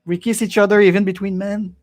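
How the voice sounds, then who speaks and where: High-voiced man. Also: fast. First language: French. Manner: animated, chuckling, slips into French phrases. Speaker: podcast host. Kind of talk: casual group chat. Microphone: video call.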